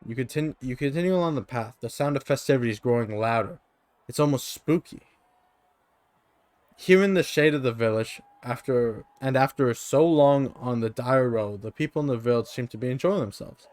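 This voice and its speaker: A man reads an interactive gamebook aloud on a live stream, steady narration broken by offhand asides. His voice sits in a middle range, and the mic sounds dry and close. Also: mid-range voice, normal speed, no room sound. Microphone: streaming microphone.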